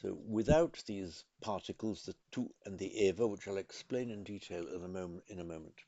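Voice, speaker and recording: A man teaching a language lesson in a careful, methodical way, pausing to correct himself. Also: low-pitched, dark tone, dry recording, lo-fi sound. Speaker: Sanskrit teacher. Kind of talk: explanatory lesson.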